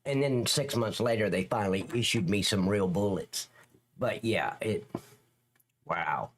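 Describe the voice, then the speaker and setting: A man's voice: lowish voice, unhurried, slight background noise. A middle-aged man hosting a live stream, reacting to police videos and joking with his chat in a rambling, teasing way.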